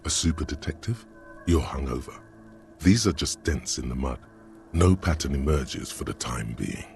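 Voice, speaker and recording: Deep male game narrator, sardonic, faint music behind. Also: expressive, moderate pace, vocal fry, darkish tone. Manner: dry, sardonic.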